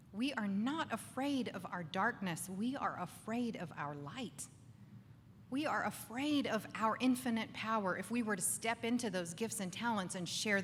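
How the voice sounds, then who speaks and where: Lively woman giving a talk at a pub gathering, bright voice, long echo, faint room noise behind. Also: mid-range voice. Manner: animated, acts out inner voices, asks the crowd "right?". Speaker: speaker. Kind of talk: lively faith talk to a live audience. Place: bar gathering with live audience. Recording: distant voice with long reverb, faint ambience.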